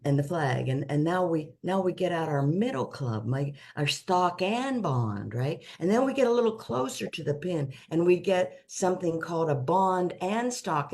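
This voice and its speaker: A woman's voice: lowish voice, darkish tone. Woman advisor explaining with folksy analogies. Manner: uses folksy analogies, frequent restarts. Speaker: financial advisor. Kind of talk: casual conversational explanation.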